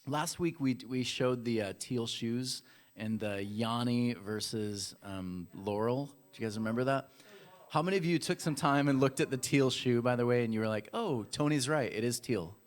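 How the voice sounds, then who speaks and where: In a church hall, a male pastor gives a casual, playful sermon with audience games, chatting straight to the congregation. His voice is mid-range and his speed normal.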